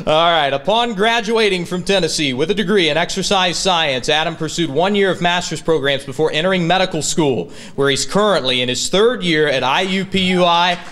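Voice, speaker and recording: A man's voice: on the high side, fairly quick, few pauses, fairly bright tone. A man hosting a hall of fame ceremony, introducing an inductee with teasing jokes and easy laughter. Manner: jokey, teasing, laughs easily. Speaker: master of ceremonies. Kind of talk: ceremony introduction with joking banter. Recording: banquet hall with crowd noise.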